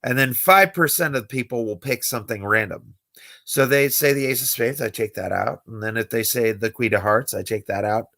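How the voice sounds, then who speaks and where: A young adult man, a magician, hosts a late-night livestream, chatting casually and telling stories in which he acts out the people involved. His mid-range voice is gravelly and fairly bright, at normal speed.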